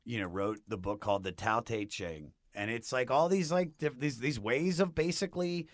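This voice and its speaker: A man telling a personal story in a casual chat, rambling and animated, with many restarts. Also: medium pitch, normal speed, no room sound. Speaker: podcast guest.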